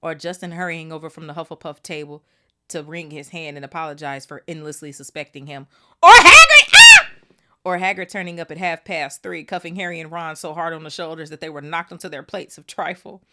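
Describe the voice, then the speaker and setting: Low-voiced woman reading aloud casually. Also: a little fast, a little hiss or hum. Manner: animated, swears and laughs, lively asides. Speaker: podcast host reading a book aloud. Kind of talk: casual read-aloud with commentary.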